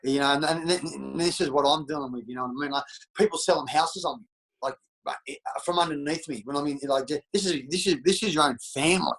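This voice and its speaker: Brief: middle-aged Australian man, husky, a bit high, straight-talking and salty. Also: quick pace, a bit bright, poor audio. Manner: blunt and profane, calls everyone mate. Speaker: interview guest. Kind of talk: candid casual interview.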